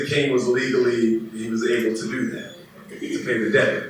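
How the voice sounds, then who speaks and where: A man's voice: mid-range voice, steady tone, normal speed, a bit bright. A man preaching a sermon as a pastor, retelling scripture as a casual modern-day story. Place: church hall. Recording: very echoey room, distant mic, faint noise.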